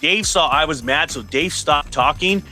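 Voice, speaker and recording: Profane storytelling man, bright voice. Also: fairly high pitch, normal speed, faint music behind. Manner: animated, profane, acts out quoted voices. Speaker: podcast host and event promoter. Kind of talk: casual storytelling.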